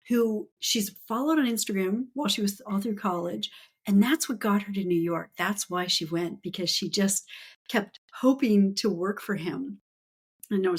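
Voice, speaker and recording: A woman's voice: mid-range voice, slightly rough. A woman author as a podcast guest, telling stories with enthusiasm and frequent laughter in casual chat. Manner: enthusiastic storytelling, laughs often.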